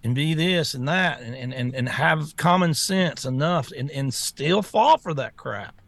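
Gravelly, scornful male co-host. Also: a little high, lively intonation, unhurried, fairly bright tone, dry recording. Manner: blunt, scornful, laughs often. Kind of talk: casual talk-show banter.

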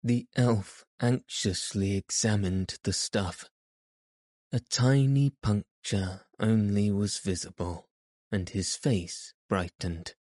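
A man narrating a children's fairy tale in a calm, measured storybook reading. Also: lowish voice, no echo, clean studio sound.

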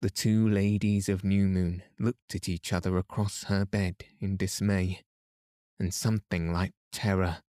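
A man narrating a bedtime story for a sleep podcast in a soft, hushed, unhurried manner. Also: deep voice, level tone, dry recording, studio quality.

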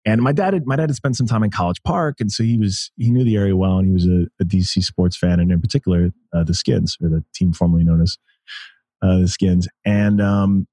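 A man in his thirties from the United States, a podcast guest telling stories in a rambling, animated way and laughing often. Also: sits low, fairly quick, no room sound, clean studio sound. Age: 30s. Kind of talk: casual interview chat.

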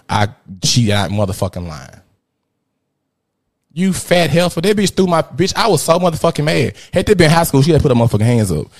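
A man, a podcast host telling a rowdy, profane story in casual chat, jumping between loud outbursts and muttered asides. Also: on the low side. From Memphis, USA. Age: 30s.

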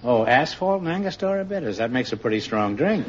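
A man's voice: mid-range voice, big pitch swings. Wisecracking man hosting a quiz show. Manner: quick joking teasing delivery. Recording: dull old broadcast recording with hiss.

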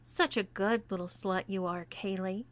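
A woman's voice: medium pitch, steady tone, a little slow, lightly acted. Woman playing a cruel, mocking young woman. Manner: mocking, commanding.

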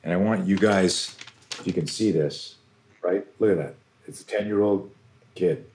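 A man's voice: sits low, moderate pace, darkish tone, slight background noise. A middle-aged man, a self-defense coach, telling stories intensely and animatedly as a podcast guest, with casual swearing. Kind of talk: podcast interview storytelling.

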